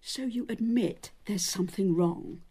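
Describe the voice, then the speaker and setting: A woman's voice: mid-range voice, unhurried, warm tone, slightly rough. An actress playing a hurt, insistent middle-aged wife questioning her husband in a radio drama. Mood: probing. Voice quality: probing, insistent.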